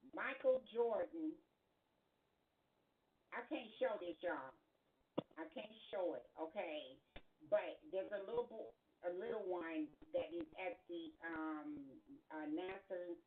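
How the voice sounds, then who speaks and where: A woman hosting a casual livestream podcast, talking straight to her viewers in an animated, exclaiming way. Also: fairly low pitch, phone-quality sound, slight background noise.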